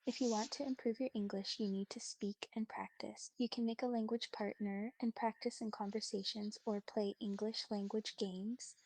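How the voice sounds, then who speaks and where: A woman giving calm, polite, reassuring replies in an even chatbot voice. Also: medium pitch, normal speed, few pauses, no room sound.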